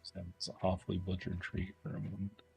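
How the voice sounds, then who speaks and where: A man streaming a game, chatting casually and playfully teasing his chat, often dropping into quiet muttering. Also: low-pitched, completely flat delivery, fast talker, vocal fry, soft background music. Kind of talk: casual live-stream commentary.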